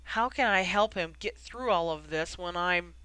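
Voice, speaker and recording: A grown wizard eaten up by guilt who lashes out at himself in bitter, self-reproaching bursts, as the audiobook reader voices him. The voice is bright and crisp with a dry, close sound. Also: mid-range voice, measured pace, no room sound, rough recording. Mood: anguished.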